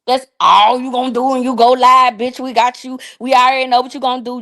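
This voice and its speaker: High-voiced woman ranting on a livestream. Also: flat delivery, fairly bright tone. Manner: profane, mocking, drawn-out repetitions. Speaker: livestream host. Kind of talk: casual livestream rant.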